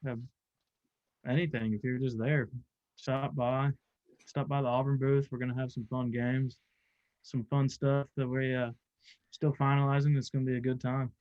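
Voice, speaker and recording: A man's voice: mid-range voice, level tone, normal speed, long pauses, a little mellow, dry recording. Young man hosting a podcast over a video call. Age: young adult. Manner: loose and upbeat, with frequent "uh" fillers. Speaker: podcast host and college angler. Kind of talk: casual podcast chat. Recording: dull, lo-fi video call audio.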